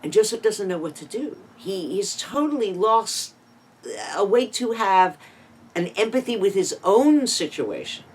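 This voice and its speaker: A Torah teacher retelling a scripture story in a sermon, building drama with sudden swings in loudness and emphasis, and adding asides and rhetorical questions. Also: medium pitch, lively intonation, unhurried, husky, low-quality recording.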